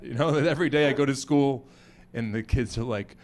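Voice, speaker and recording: An American man performing stand-up comedy, animated and acting out other people's voices. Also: medium pitch, fairly quick. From United States. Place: comedy club stage before a live audience.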